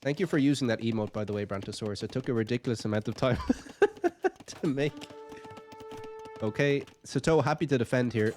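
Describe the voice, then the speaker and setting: A man's voice: medium pitch, rapid-fire, hardly any pauses, a little mellow, soft background music. A man giving casual commentary on a strategy game match, chatty and thinking aloud with light jokes. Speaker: game caster.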